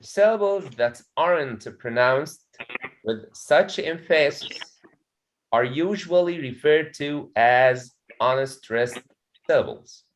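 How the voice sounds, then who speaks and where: A man with an Egyptian accent leads an English pronunciation class in a classroom. He speaks slowly and deliberately in a slightly raised pitch. He peppers his explanations with "okay" and stops to ask whether everyone follows. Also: expressive, slight background noise, rough recording. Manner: repeats "okay" often, checks students understand. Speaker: English teacher.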